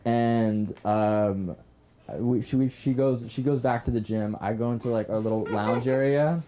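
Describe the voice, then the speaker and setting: A man's voice: mid-range voice, a little slow, warm tone, a little hiss or hum. A young man telling a self-deprecating story at an open mic, rambling with many fillers and restarts. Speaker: stand-up comedian at open mic. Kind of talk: stand-up storytelling. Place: comedy club stage.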